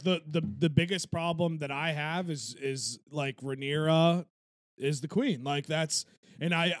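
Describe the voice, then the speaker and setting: A man's voice: on the high side, no echo, clean studio sound. A man co-hosting a podcast, talking casually with stammers and hesitant restarts. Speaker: podcast co-host. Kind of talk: casual chat.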